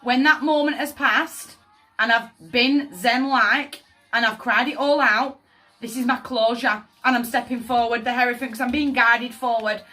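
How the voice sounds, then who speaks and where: A woman's voice: fairly high pitch, fairly even intonation, normal speed, sharp tone. A woman giving a tarot reading, speaking emotively and often asking "does that make sense" over faint background music. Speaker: tarot reader.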